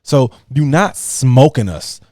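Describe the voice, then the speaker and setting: A man's voice: medium pitch, expressive, slow pace, a little mellow, dry recording, studio quality. A man hosting a podcast, reacting to clips in blunt, profane casual commentary and laughing mockingly.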